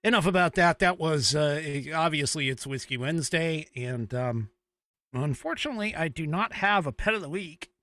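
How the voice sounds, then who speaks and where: A man's voice: fairly high pitch, lively intonation, normal speed, a bit bright, dry recording. An American man hosting a talk show from a small studio, chatting in a rambling way and chuckling at himself. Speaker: show host. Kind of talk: casual talk show chat.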